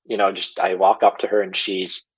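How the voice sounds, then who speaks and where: Male guest storyteller, low husky voice, casual and filler-heavy, muffled lo-fi recording. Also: flat delivery, moderate pace. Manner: rambling, filler-heavy, chuckles while talking. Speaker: podcast guest telling his story.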